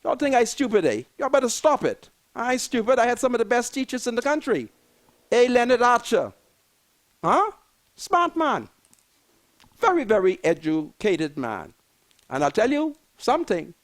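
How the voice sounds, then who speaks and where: High, lively older Bahamian man ranting. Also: normal speed. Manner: emphatic, repetitive, preachy. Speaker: political commentator. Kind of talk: fiery political rant.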